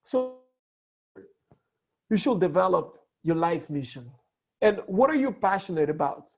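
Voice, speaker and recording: A man teaching a lesson on public speaking, hoarse with a cracked voice, talking in an animated way that swoops between high and low tones. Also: a little slow. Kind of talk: online lesson.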